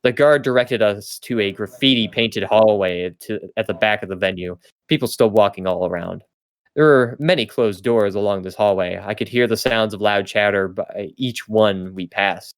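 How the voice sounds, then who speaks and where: A man's voice: fairly low pitch, moderate pace, smooth. A young man hosting a podcast, reading fanfiction aloud for comedy, stumbling and correcting himself with laughing asides. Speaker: podcast host and reader.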